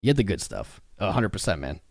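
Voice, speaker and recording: A man's voice: low voice, very animated, quick pace, gravelly, a little mellow, dry recording, clean studio sound. A man hosting a live stream, chatting casually with viewers in a rambling, frank, joking way. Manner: rambling, talks to chat viewers.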